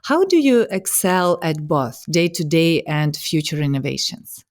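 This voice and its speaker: Low-voiced woman host asking questions. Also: very animated, a little slow. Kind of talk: interview questions.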